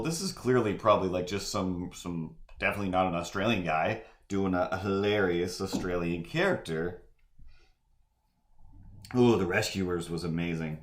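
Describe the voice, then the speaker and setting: A man chatting casually on a livestream while he draws, wandering through asides and fillers. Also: sits low. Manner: meandering, full of fillers and asides. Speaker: livestream artist. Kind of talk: rambling casual chat while drawing. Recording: echoey room.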